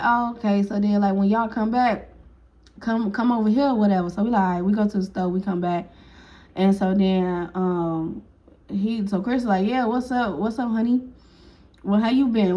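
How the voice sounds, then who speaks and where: Woman spilling a story in aave, animated quotes, kinda muffled lo-fi sound. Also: medium pitch. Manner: animated, acts out quotes, laughs often. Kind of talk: casual storytime vlog.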